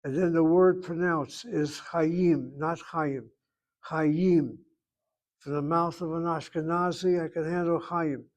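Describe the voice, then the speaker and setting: Male language teacher, fairly high voice, emphatic, repeats himself, corrects students. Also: fairly even intonation, a little slow, highs cut off. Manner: emphatic, repeats and corrects students, thinks aloud while spelling. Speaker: Hebrew teacher. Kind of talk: online class teaching.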